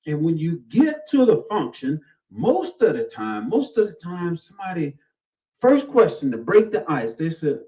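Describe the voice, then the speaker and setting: A man preaches in a warm, somewhat high voice. He stands back from the microphone, so his voice sounds distant. He repeats words, calls to the room and mimics the people he quotes. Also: sing-song, moderate pace. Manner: repetitive, call-and-response, acts out quoted voices. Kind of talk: sermon.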